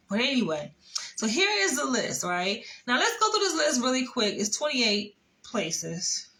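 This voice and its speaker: A young woman from Florida talks straight into her vlog, blunt and full of profanity. She tells her stories with animated energy. Her voice has a bright, forward ring. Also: medium pitch, rough recording. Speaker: vlogger. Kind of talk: casual chat.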